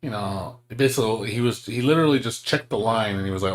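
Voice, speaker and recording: A man's voice: fairly low pitch, fast talker. A man chatting casually while streaming a game, ranting and swearing with lots of fillers.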